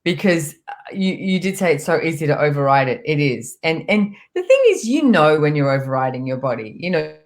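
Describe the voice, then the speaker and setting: Woman, low voice, casual storytelling, relaxed guest chat. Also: fairly quick. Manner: relaxed, storytelling, acts out her body's voice. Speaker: guest facilitator.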